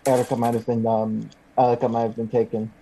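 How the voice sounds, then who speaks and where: A man's voice: mid-range voice, level tone, fast talker, warm tone, a little hiss or hum. A man playing a tabletop game, chatting casually and hesitantly with lots of fillers. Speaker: player. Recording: dull, muffled sound.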